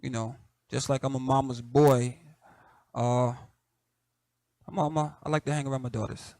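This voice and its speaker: Relaxed Southern man musing in a dry room. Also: medium pitch, moderate pace, no echo. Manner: relaxed, conversational, peppered with "you know", soft laughs. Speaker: host. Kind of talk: casual reflective monologue.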